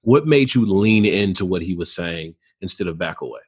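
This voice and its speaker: A man's voice: deep voice, expressive, normal speed, breathy edge. A man hosting a podcast interview, asking his guest earnest, probing questions with friendly asides. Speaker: podcast host. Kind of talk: interview conversation.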